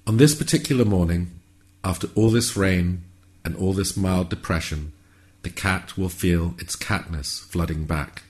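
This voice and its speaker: A man narrating a whimsical story in a calm, measured, wry way. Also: deep voice.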